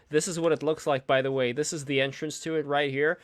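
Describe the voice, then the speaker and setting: A man's voice: a little high, steady tone, brisk, hardly any pauses, fairly bright tone, no echo. A man hosting a casual online stream, rambling between topics and reading out viewer donations. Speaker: stream host.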